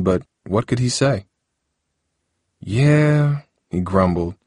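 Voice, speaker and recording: A man reads a novel aloud in a steady, measured way. His voice sits very low and the recording is dry and close. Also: no echo. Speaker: narrator. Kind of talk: audiobook narration.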